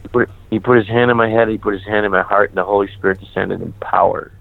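A male priest telling his personal testimony, candid and animated, acting out the dialogue he remembers. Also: lowish voice, quick pace, vocal fry, no room sound. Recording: tinny phone-like sound.

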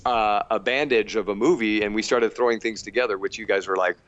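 A man's voice: fairly low pitch, fairly quick, fairly bright tone, no room sound, highs cut off. A middle-aged man, an actor and producer, tells behind-the-scenes stories in a casual interview, laughing and swearing often. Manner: laughing, profane anecdotes.

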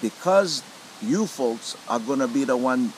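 Middle-aged man with a Hawaiian Pidgin accent, animated storyteller who acts out voices, mid-pitched, recorded outdoors with faint hiss. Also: measured pace, rough recording. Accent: Hawaiian Pidgin English. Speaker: lomi lomi practitioner. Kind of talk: storytelling interview.

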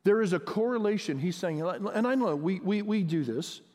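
A man with a high voice preaches a sermon, talking to the congregation as if in conversation and pressing harder as he goes. His voice rings out with the long reverb of a big church hall. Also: expressive, normal speed, darkish tone. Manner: conversational, asks the audience questions, builds in intensity. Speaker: pastor.

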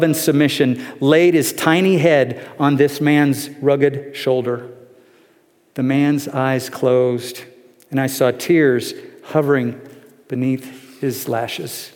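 A male pastor preaching a sermon, telling a story earnestly and emotionally, often dropping to a soft pleading tone. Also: mid-range voice, in a large hall.

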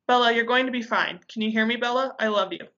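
Woman doing a desperate young guy begging, bright voice, kinda dull lo-fi audio. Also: fairly high pitch, fast talker. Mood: soothing. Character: desperate young man, pleading and anguished. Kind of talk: amateur audiobook reading.

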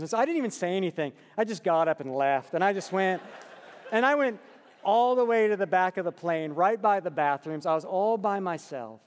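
A middle-aged man preaching a sermon and telling personal stories, earnest, dropping to soft hushed passages and lifting to emphatic ones. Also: high-pitched, lively intonation, moderate pace. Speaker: pastor. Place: church sanctuary. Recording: long reverb of a church hall.

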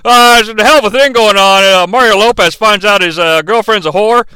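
This is a crude, cocky tough guy, put on by a man who drawls his insults with plenty of swagger. The voice sits high and bright, and the tone is smooth. The recording is dry and close. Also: a little fast, no echo. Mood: leering. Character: gruff brash male wrestler-turned-referee, profane.

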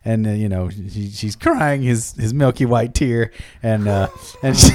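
A man's voice: slow, darkish tone. A man telling a long dirty joke among friends, acting out the characters with shifting voices. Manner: acts out characters with high squeals and low mumbles.

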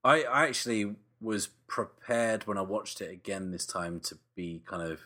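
A man co-hosting a casual film podcast, chatty and quick to laugh. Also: on the low side, bright, forceful tone. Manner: chatty, laughs often, trails off. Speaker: podcast co-host.

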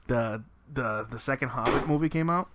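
A man's voice: mid-range voice, moderate pace, a bit bright. A young man from Florida co-hosting a podcast, telling a crude drunken story with constant swearing and laughter. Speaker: podcast co-host. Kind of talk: crude casual banter and storytelling. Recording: noisy podcast recording.

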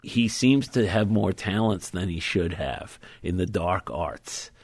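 A man being interviewed as an author, explaining at length in a thoughtful, measured way. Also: low voice, expressive, a little mellow, breathy edge, no echo. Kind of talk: conversational interview.

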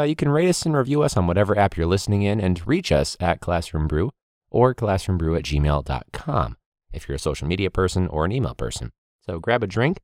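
Man, very low voice, swinging pitch, profane laughing rant, dry close sound. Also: darkish tone, dry recording. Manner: ranting, heavy swearing, frequent laughs. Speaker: teacher and football coach, podcast host. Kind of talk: casual podcast monologue.

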